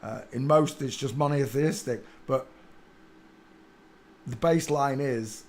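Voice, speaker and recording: A man's voice: mid-range voice, slow pace, a little mellow, a little hiss or hum. A man delivering an insistent, preachy ranting monologue to his channel. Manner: preachy, insistent, with filler hesitations. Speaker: channel host.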